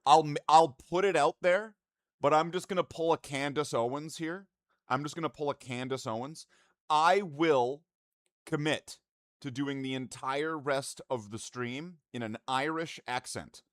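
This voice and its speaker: A man's voice: fairly high pitch, a little slow, no echo, clean studio sound. A man streaming live and chatting casually with his viewers in profane, rambling, mock-indignant banter.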